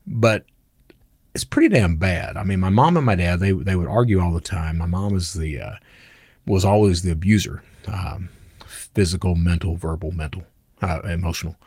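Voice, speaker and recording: Middle-aged man, husky and low, blunt storyteller who swears casually. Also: normal speed, a little mellow, no echo, clean studio sound. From United States. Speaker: channel host. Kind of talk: personal storytelling monologue.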